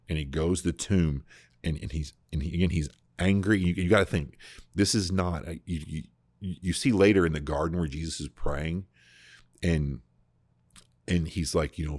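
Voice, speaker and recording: A man hosting a podcast, explaining scripture in a casual, animated way, often restarting his sentences. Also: a bass voice, normal speed, breathy edge, no echo. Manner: animated, full of restarts and repeated words. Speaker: podcast host discussing scripture. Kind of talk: casual conversational Bible teaching.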